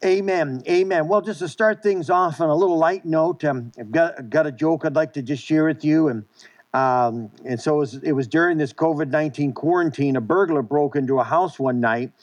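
Earnest male pastor, slightly high voice. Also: brisk. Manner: earnest, many restarts and repeated words. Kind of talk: sermon.

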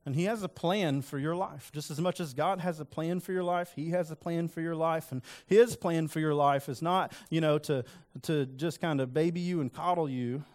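A man's voice: fairly high pitch, moderate pace, hardly any pauses, a little mellow. A man preaching a sermon in a conversational, earnest way, acting out quoted lines with rising emphasis. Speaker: pastor.

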